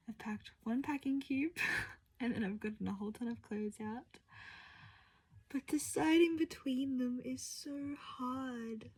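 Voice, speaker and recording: Chatty woman with a mellow voice. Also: a little high, slow pace, long pauses, husky. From Australia. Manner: gushing, chatty, half-whispered late at night. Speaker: vlogger. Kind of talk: casual vlog chat.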